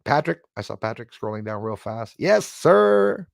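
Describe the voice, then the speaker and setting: A man's voice: fairly low pitch, a little fast, gravelly, no room sound, clean studio sound. A man hosting a live stream in a casual way. He rambles emphatically, with many fillers, and reads out chat comments.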